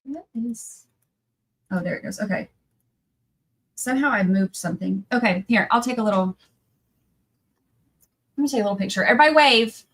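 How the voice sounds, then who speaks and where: A tired woman talks loosely to her livestream viewers. She rambles, trails off, and restarts her sentences, and her pitch sits in a middle range. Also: moderate pace, pauses often, slightly rough, rough recording. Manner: chatty, rambling, breaks off mid-sentence. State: tired from little sleep. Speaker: livestream trial commentator. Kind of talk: casual livestream chat.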